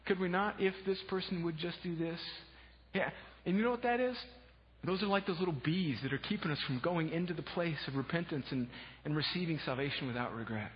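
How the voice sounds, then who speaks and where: A man preaching a sermon as pastor, impassioned, swinging from hushed asides to shouted exclamations. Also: a little high, fairly quick, a little hiss or hum. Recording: dull lo-fi sound with long hall reverb.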